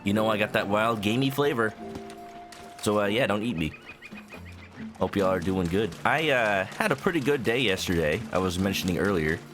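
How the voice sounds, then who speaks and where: A man's voice: lowish voice, animated, moderate pace. A man casually commenting while streaming a video game, playful and joking, rambling with little stammers, with game music behind him.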